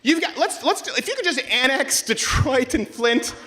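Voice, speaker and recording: A man's voice: extremely high pitch, expressive, normal speed, sharp tone, a little hiss or hum. A man hosting a live show, riffing to a crowd in a brash, mocking, jokey way. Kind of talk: comedic political stand-up to a crowd. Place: live event before a student audience.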